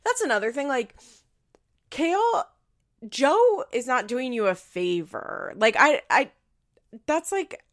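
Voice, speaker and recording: A woman talks through a reality show in loose, chatty commentary, her pitch swooping up and down as she makes her points. Her voice has a gravelly, fry-edged texture, and she leans on "like" and blunt opinions. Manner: chatty and opinionated, heavy use of "like", occasional swearing. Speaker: reality TV recap vlogger. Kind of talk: casual commentary.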